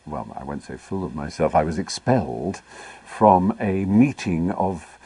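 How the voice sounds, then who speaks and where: Middle-aged man, very low husky voice, dry close sound, articulate raconteur with wry asides. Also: measured pace, warm tone, dry recording. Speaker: interview guest. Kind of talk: anecdotal interview storytelling.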